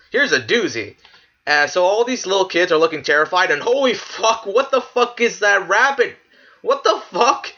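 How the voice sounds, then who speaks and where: A man's voice: fairly high pitch, pushed and bright, lo-fi sound. A man giving casual, profane commentary while ranking clips, ranting in disbelief and laughing. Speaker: video creator ranking clips.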